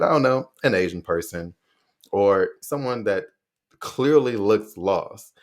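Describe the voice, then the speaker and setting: A young man hosting a podcast in casual conversation, rambling and correcting himself with animated asides. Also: on the low side, takes it slowly. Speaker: podcast host.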